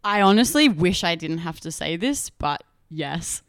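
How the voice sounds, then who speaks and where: Young Australian woman, podcast co-host, smooth clear voice, fairly low, animated storytelling, dry close sound. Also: unhurried, dry recording. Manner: animated, laughing, acts out quotes. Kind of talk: casual storytelling chat.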